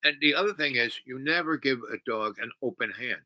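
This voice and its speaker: A man's voice: medium pitch, a little fast, pushed and bright, no echo, low-quality recording. A man hosting a long stream, telling a meandering story full of asides and restarts. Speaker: livestream host. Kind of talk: rambling storytelling.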